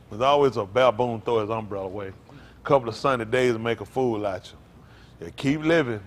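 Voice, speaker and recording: Animated joking pastor. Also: male voice, mid-range voice, slight background noise. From United States. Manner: animated, laughing, teasing the congregation; blunt, preachy, repeats "isn't that right?". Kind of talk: informal joking sermon talk.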